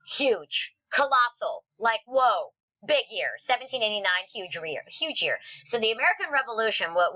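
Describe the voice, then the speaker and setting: A woman teaching a history lesson over slides in a recorded video, chatty and animated, with playful asides. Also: medium pitch, muffled recording.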